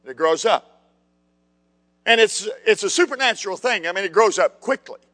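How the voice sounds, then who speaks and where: A male preacher delivers a fiery sermon and hammers his points home with repeated words. His voice is very high for a man, bright and forceful. A long hall reverb trails after each phrase. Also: animated, moderate pace. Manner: emphatic, repetitive, fiery preaching.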